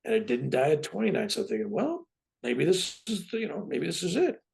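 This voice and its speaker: Gravelly old guy in his 70s telling his story on a podcast, voice jumps all over, keeps saying right?. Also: a little high, a little fast. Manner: lively, keeps tagging "right?" onto his points. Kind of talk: animated personal storytelling.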